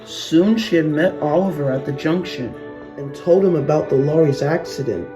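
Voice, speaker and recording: A narrator reading a children's train story aloud in a slow, even way. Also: mid-range voice, music in the background.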